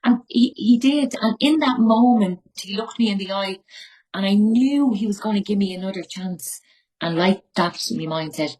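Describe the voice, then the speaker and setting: Speaking at a normal speed in a fairly low, darkish voice, this Irish woman in her forties talks with a Tipperary accent. She's giving an emotional, unfiltered recovery-meeting share from her bedroom at home and curses freely, all on a rough recording.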